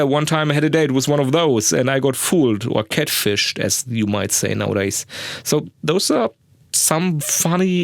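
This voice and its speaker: Here a young man with German as his first language hosts a podcast, his voice on the high side with vocal fry. In a casual monologue he rambles crudely and mocks himself. It's a dry sound-booth recording.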